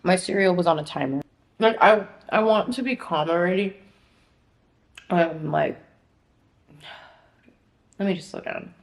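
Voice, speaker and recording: A woman's voice: on the low side, measured pace, pauses often. A young woman in her twenties rambling in a casual vlog at home, scattered and frantic, swearing and filling with "like". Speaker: vlogger. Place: apartment. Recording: echoey room with faint noise.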